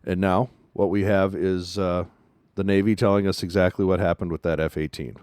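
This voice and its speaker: Emphatic low-voiced male commentator. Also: little pitch movement, normal speed, darkish tone, clear, resonant tone, no echo, studio quality. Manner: emphatic, repeats points for stress. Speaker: show host. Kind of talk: news commentary.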